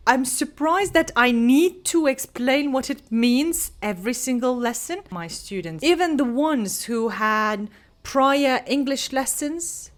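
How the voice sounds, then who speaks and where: This is a young English teacher from Turkey with a fairly high-pitched voice. Taking her time, she works through a pronunciation lesson on camera, giving example sentences for every word.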